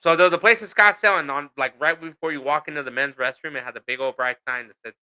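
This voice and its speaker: Rambling, profane man with a bright voice. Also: fairly high pitch, fast, clear, resonant tone, rough recording. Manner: profane, rambling storytelling with many fillers. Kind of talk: casual chat.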